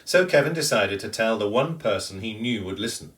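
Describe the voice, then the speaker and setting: A man reading a children's picture book aloud in an expressive, sing-song way. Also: fairly low pitch, fairly quick, distant mic. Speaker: storyteller.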